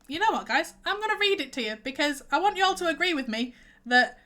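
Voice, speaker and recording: A woman's voice: high-pitched, very animated, fast talker, pushed and bright. A young woman chatting casually while live-streaming a farming game, teary and stuffy-nosed from crying, rambling and reacting aloud as she plays.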